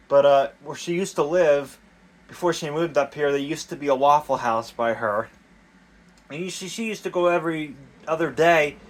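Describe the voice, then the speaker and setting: A young man rambling casually and crudely in a vlog, swearing often, talking outdoors in the cold. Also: a little high. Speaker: DIY vlogger.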